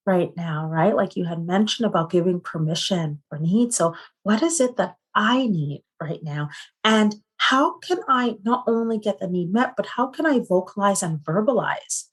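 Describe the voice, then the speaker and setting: A middle-aged woman talks as a psychotherapist guest in an interview. Her delivery is earnest and conversational. She often closes her points with a quick rhetorical question. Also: medium pitch, husky.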